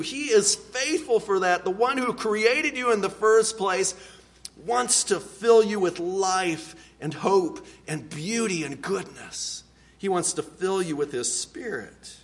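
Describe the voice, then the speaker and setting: A man preaching a sermon, earnest and deliberate, dropping to a hushed low voice on key words. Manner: unhurried, deliberate delivery with pauses. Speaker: pastor.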